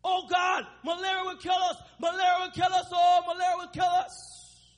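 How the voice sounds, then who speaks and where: A woman's voice: very high-pitched, level tone, moderate pace, shouting, in a large hall, soft background music. A man voicing a weeping mother with an African accent, crying out to God for her sick child. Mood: wailing. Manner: crying out, wailing.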